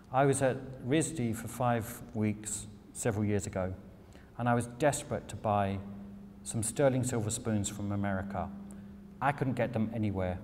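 A man's voice: lowish voice, darkish tone. A British man giving a lecture talk about his craft, candid and irreverent, swearing casually. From England. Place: lecture hall. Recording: long hall reverb, faint noise.

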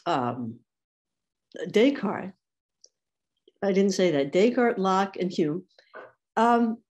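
Woman, academic lecture, unhurried delivery, wry asides, mid-pitched. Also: a little mellow. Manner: wry asides while quoting thinkers. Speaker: symposium speaker.

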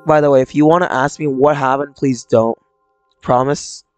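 A man's voice: medium pitch, steady tone, moderate pace, a little mellow, clean tone, dry recording, close to an everyday voice. A man reading aloud the lines of a troubled young person with mental illness from a visual novel, in a subdued, confessional way. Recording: dry close mic, faint game music.

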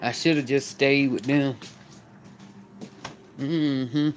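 A woman's voice: very deep voice, extremely slow, a little hiss or hum. A woman, chatting casually to her viewers as she films herself at home and out on the porch. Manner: chatty, animated, talks straight to the camera. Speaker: vlogger. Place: at home, then outdoors on the porch.

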